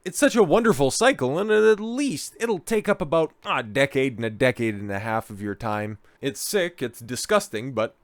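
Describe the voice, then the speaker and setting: A man hosting a commentary vlog, speaking in a sarcastic, scornful and animated rant. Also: mid-range voice, normal speed, few pauses, no echo. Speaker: commentary host.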